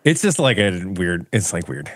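A man co-hosting a podcast in casual, playful chat, rambling with slow deadpan asides. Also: low voice, dry recording. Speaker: podcast co-host.

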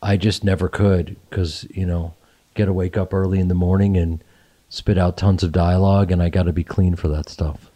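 A man in his fifties hosting a podcast, talking in a casual, halting and self-deprecating way with frequent restarts. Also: sits low, flat delivery, mellow. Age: 50s. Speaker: podcast host. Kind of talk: casual chat.

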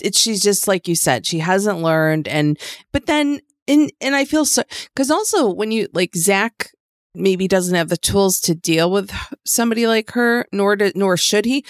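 A woman's voice: medium pitch, dry recording, studio quality. A woman co-hosting a podcast, chatty and loose, with casual swearing. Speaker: podcast co-host. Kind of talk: casual chat recapping a reality show.

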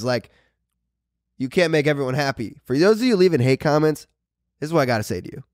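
Animated, blunt-talking man host. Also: on the high side, fast talker, pauses often, no room sound, studio quality. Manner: animated, blunt, swears freely. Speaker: podcast host and vlogger. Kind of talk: casual chat.

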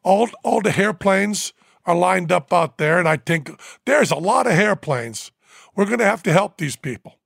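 A man's voice: high voice, animated, vocal fry, fairly bright tone, no room sound, clean studio sound, pitched above the performer's own voice, exaggerated voice. A man imitating a chatty airport guide with a Newfoundland accent, dropping and adding H sounds as he talks. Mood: eager. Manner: drops and adds H sounds, halting and earnest. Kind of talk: storytelling impression.

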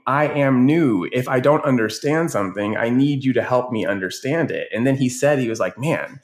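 A male educator, a podcast guest, telling stories in casual conversation and acting out the children he quotes. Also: medium pitch. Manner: animated storyteller, quotes kids in raised voices.

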